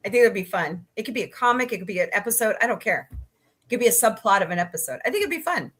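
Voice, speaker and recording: Speaking at a medium pitch, this woman sounds expressive and a little bright, and she talks quickly. Hosting a laid-back livestream at home among her cats, she greets her chat in a silly, relaxed way, reading comments and laughing often.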